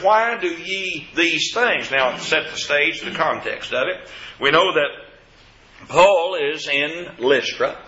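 A man's voice: fairly high pitch, pushed and bright. Preacher man teaching in a roomy hall. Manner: slow, deliberate teaching with scripture quotes. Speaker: preacher teaching a Bible study. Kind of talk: evening Bible study sermon. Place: church classroom with a board. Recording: roomy, dull lo-fi recording.

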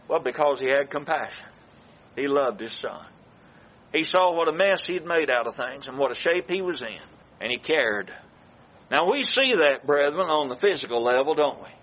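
A man preaching a sermon to his congregation, slow and emphatic, with dramatic pauses. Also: on the high side, fairly bright tone, lo-fi sound.

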